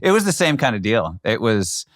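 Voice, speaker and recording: A man's voice: mid-range voice, sing-song, normal speed, no echo, clean studio sound. A man co-hosting a podcast, giving laid-back, brief replies in casual chat. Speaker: podcast co-host.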